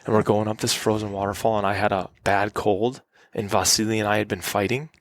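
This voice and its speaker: A man telling hunting stories in a relaxed, animated podcast conversation, acting out the people in his tales. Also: fairly low pitch, a little fast. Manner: animated, acts out quotes. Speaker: guest hunter. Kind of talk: casual storytelling. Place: cabin.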